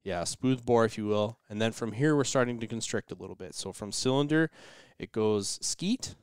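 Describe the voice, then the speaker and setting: A man's voice: fairly low pitch, moderate pace, clean tone, no room sound, studio quality. A man as a podcast guest in casual chat, explaining step by step and murmuring agreement.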